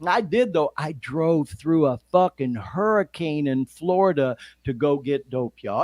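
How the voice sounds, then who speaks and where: A man's voice: fairly high pitch, no echo, clean studio sound. A middle-aged man with a Detroit accent hosting a podcast, talking casually with lots of swearing and frequent laughter. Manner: profane, laughs often, expressive swings. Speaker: podcast host.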